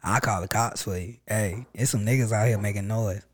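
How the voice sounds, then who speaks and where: A man's voice: lowish voice, fairly even intonation, a little fast. A man joking in casual group chat, acting out little bits.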